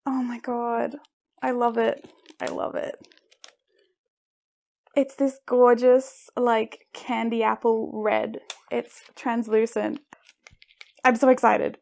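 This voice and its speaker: Giddy high-voiced woman unboxing a package. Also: slow, vocal fry, long pauses. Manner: gushing, giggly, excitable. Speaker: maker vlogger. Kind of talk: unboxing vlog.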